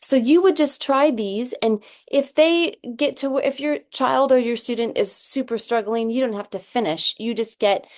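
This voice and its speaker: Woman teacher going through phonics words one at a time, patient, keeps saying okay?. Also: a little high. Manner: patient, sounds words out slowly, frequent "okay?" checks. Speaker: reading teacher. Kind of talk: explaining a phonics assessment.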